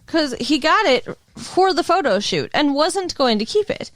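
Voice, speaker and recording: A woman's voice: high-pitched, sing-song, unhurried, no room sound. A woman co-hosting a casual movie podcast, chatty as she recaps the plot and waves off her co-host's jokes. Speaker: podcast co-host. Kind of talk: casual movie-review chat.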